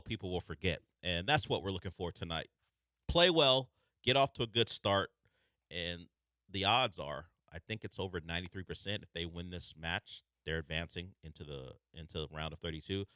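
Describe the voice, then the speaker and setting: A man's voice: deep voice, sharp tone, clear, resonant tone, dry recording, studio quality. A man hosting sports talk radio, explaining at length in a chatty, analytical way.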